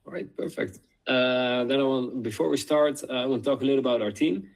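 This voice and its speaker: Young Dutch student presenting, easygoing, lots of hesitation fillers, mid-pitched voice. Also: male voice, brisk, poor audio. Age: 20s. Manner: relaxed, filler-heavy, rambling. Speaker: guest presenter. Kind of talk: casual presentation.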